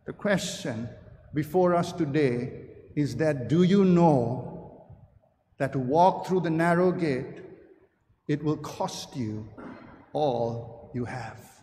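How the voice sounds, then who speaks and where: High-voiced man preaching in a reverberant church. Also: lively intonation, slow, pauses often, warm tone, slight background noise. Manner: emphatic, builds through repeated phrases. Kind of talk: sermon. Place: church sanctuary.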